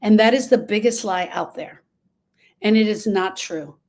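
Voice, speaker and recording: A woman's voice: mid-range voice, moderate pace, a little mellow. A woman speaking to a live group about grief, with an earnest, emphatic manner. She acts out what other people say. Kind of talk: motivational talk to a live group. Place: room with a live audience.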